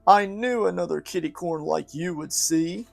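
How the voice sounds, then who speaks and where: A man voicing a gentle, polite male unicorn in a storybook reading, speaking in a hushed, confiding way. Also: a little high, normal speed, vocal fry, soft background music, voice pushed up. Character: grand but gentle male unicorn with a secret.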